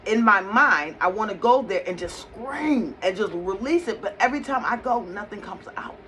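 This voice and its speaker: A woman voicing a grieving young woman who confesses haltingly. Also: medium pitch, animated, a bit bright, slight background noise, close to an everyday voice. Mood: tearful.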